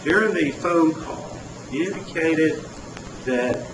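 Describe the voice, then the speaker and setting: A man's voice: a little high, takes it slowly. A man cross-examining a witness in a courtroom, asking pointed, pressing questions. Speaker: defense attorney. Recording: echoey courtroom audio from far off, with noise.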